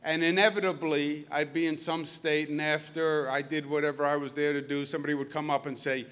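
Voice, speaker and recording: Man in his 50s, Queens accent, folksy speech to students, bright, forceful voice in an echoing hall. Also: a little high, flat delivery, a little fast, hardly any pauses, smooth. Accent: Queens New York. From Queens, New York. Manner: folksy, storytelling, jokey asides. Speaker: governor speaking at a school. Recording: reverberant hall.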